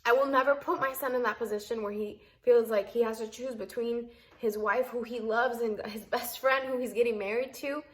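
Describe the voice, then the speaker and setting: A woman's voice: on the high side, fairly even intonation, moderate pace, few pauses. A young woman telling a storytime vlog to camera, heated and emphatic, at times tearful and earnest. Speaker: vlogger.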